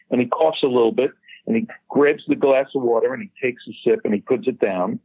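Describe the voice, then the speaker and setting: Male guest storyteller, husky and dry, chatty with casual swearing, heard over a slightly dull line. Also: mid-range voice, fairly quick, dry recording. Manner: chatty storyteller, swears freely, laughs at his own punchlines. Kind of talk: casual anecdote over a call.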